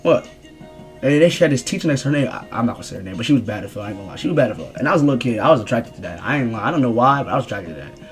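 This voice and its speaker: A young man rambling through a casual storytime vlog in slangy, animated speech. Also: medium pitch, racing, few pauses, soft background music. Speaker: streamer telling a story.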